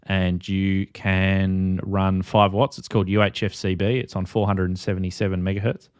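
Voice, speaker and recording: An Australian man, a guest who makes ham radio videos, chatting casually in a rambling, halting way. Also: deep voice, level tone, clear, resonant tone, no echo, studio quality. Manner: rambling, halting with fillers and restarts. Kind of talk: casual chat.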